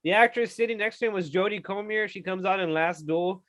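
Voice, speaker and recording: High-voiced man cursing through podcast banter. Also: a little fast, a bit bright, a little hiss or hum. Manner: profane, laughing, mocking impressions. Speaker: podcast co-host. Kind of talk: casual chat.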